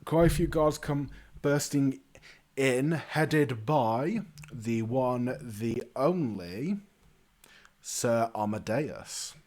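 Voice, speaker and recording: A man's voice: medium pitch, extremely slow, a little mellow. A man narrating a tabletop game as game master in a casual, stumbling way.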